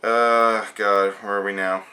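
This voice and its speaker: A man's voice: fairly low pitch, little pitch movement, measured pace, pushed and bright. A young man rambling through a casual wrestling show review, joking and swearing as he goes.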